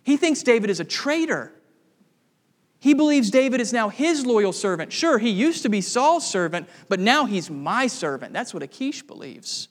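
A man's voice: very high voice, very animated, moderate pace, big-room sound. A man preaching an expository sermon, emphatic and posing rhetorical questions to the congregation.

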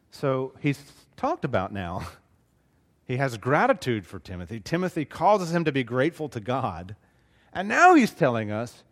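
A middle-aged man from Southeast Alabama with a Southern accent, preaching a sermon earnestly, swinging between loud emphasis and hushed asides. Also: medium pitch. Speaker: pastor. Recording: long reverb of a large hall.

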